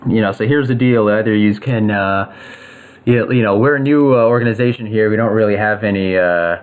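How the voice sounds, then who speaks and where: A businesslike agency director laying out a deal in a low, halting voice full of pauses and fillers, as a man plays him. He sounds like an everyday speaker, not a showy character. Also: clear, resonant tone, dull audio, natural voice. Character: businesslike middle-aged male agency director.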